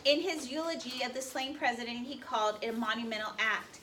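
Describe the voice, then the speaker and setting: High-voiced teacher quizzing her class. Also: fairly even intonation, a little fast. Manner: reads aloud and quizzes students with questions. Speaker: history teacher. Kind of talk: classroom lecture. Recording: classroom recording from far off, slight noise.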